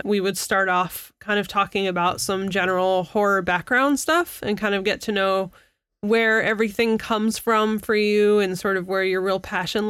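A woman's voice: mid-range voice, a bit bright, smooth, dry recording. A woman hosting a podcast, chatting in a casual, upbeat way. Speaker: podcast host. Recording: dry close mic with faint music.

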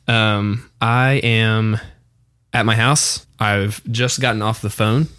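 A man co-hosting a podcast, slowly narrating his scene in a tabletop game with hesitant pauses. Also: on the low side, fairly even intonation, a bit bright, smooth, dry recording, clean studio sound. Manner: hesitant, drawn-out narration with fillers. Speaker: podcast co-host, game player.

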